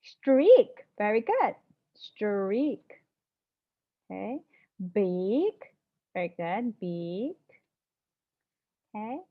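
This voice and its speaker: A woman's voice: mid-range voice, big pitch swings, extremely slow, long pauses. A woman teacher leading a phonics lesson, patiently sounding out words and praising her students. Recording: dull lo-fi classroom audio.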